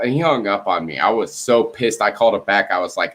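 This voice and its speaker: On a relaxed video-call chat, a male co-host speaks fast with few pauses, his low-leaning voice a bit bright. He swears a lot as he tells a story, voicing both ends of phone conversations.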